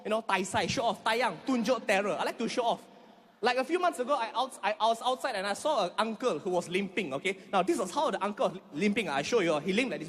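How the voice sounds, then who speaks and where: A man with a Malaysian English accent doing stand-up comedy, telling animated stories on stage in front of a live audience. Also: fast, breathy edge, big-room sound. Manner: animated storytelling with shrill acted voices.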